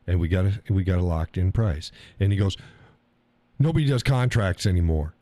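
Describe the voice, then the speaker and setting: Here a middle-aged live stream host from the US tells a story at a moderate pace as a crude, offhand rant, mimicking those involved and getting tangled in repeated words. He sounds fairly low, dark, and mellow on a close, dry mic with no room sound.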